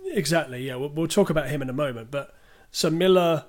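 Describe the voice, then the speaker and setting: Guy on a podcast, higher voice, rambly, lots of fillers and restarts. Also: brisk, a crowd in the background. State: clearing his throat. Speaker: podcast co-host. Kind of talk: casual film discussion.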